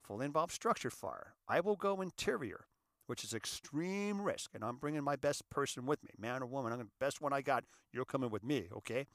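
A man's voice: mid-range voice, animated, fairly quick, fairly bright tone, no echo, studio quality. A middle-aged American man, a volunteer fire captain, giving an impassioned monologue that repeats key phrases and addresses the audience directly. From United States.

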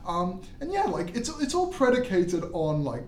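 A man's voice: sits high, huge pitch swings, normal speed, far from the mic, a little hiss or hum. A man explaining things in a casual chat, laughing often. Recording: roomy sound, off the mic.

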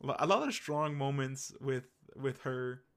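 A man's voice: mid-range voice, measured pace, a bit bright. A young man co-hosting a podcast, talking in a rambling, enthusiastic way full of fillers and restarts. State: hiccups. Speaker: podcast co-host. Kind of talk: casual chat.

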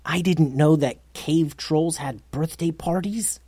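A storyteller voicing a young male ninja who is cheerful and quick to try talking his way out of trouble. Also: medium pitch, dark tone, slightly rough, no echo. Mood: hushed.

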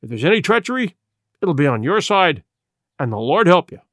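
A stern, curt ship's captain, read out by a man, snapping clipped commands. His voice sits a little high and moves a lot in pitch. Recorded close and dry. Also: very animated, brisk, fairly bright tone, no room sound. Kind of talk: audiobook character reading.

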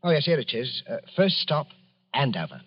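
A man's voice: mid-range voice, sing-song, moderate pace, slightly rough. A man playing a meek, polite middle-aged lodger who hesitates and stumbles with fillers, in a vintage radio drama. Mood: timid. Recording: dull lo-fi old radio recording.

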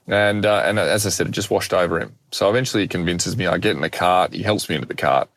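Man, deep voice, animated storyteller, dry close sound. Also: fast talker, few pauses, no room sound. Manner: animated, self-deprecating storyteller. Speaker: guest speaker. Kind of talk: personal storytelling in conversation.

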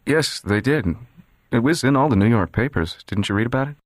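An actor playing a guarded, controlled young man who talks in a quiet, measured, detached way. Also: medium pitch, animated, dry recording, studio quality, close to an everyday voice. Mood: calm, guarded. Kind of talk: dramatized audiobook reading.

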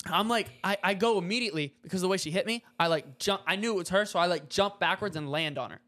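A young man casually telling a story on a podcast, acting out the quotes with sudden loud yelps. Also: high-pitched, fast. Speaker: podcast co-host.

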